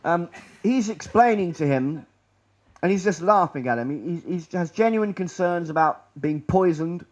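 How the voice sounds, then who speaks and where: A man giving a public presentation in a lecture room, rambling and sardonic, often trailing off quietly. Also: high-pitched, expressive, moderate pace, highs cut off.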